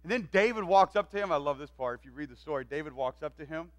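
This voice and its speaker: A man preaching a sermon, retelling a story in an animated way and acting out its voices. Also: on the high side, quick pace. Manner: animated, acts out quoted voices. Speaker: pastor. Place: church.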